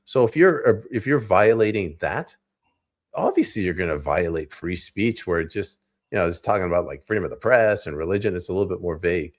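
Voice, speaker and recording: A man's voice: low voice, brisk. A man co-hosting a podcast, chatting casually about politics and acting out quotes as he tells stories. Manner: animated storyteller, acts out quotes. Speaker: podcast co-host.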